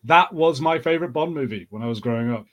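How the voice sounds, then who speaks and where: Bright-voiced British man chatting. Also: medium pitch, fast talker. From Britain. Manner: relaxed, swears casually. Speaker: podcast co-host. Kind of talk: casual chat.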